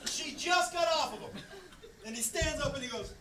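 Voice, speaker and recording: A man doing stand-up, telling a story in a loud, profane, excitable way to a live crowd. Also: extremely high pitch, moderate pace. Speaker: stand-up comedian. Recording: live stand-up clip with audience laughter and noise. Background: audience laughing.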